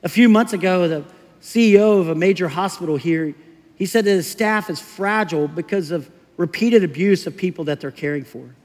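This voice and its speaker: Pastor guy preaching, chatty storyteller, high voice, big echoey church. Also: a little mellow. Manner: conversational storytelling with quick acted asides. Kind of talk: sermon. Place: church sanctuary. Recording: long hall reverb.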